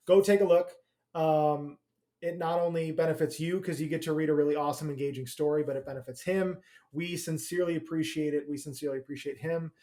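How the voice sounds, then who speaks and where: A man co-hosting a casual podcast, his voice sitting a little high. He rambles along in an easy, filler-heavy way. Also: steady tone, fast, mellow. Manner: chatty, laughs often, filler-heavy. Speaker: podcast co-host.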